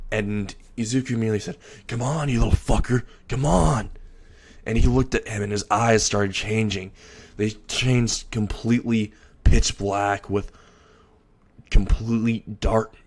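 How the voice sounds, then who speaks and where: A man casually improvising a dark fan story narration with blunt, crude wording. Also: lowish voice.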